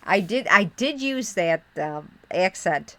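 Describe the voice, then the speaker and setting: A middle-aged woman from Western New York, her accent touched with the Midwest, speaks slowly in a lowish voice with lively intonation. Crafting on a live stream, she chats casually with viewers, rambling and muttering while she searches for things.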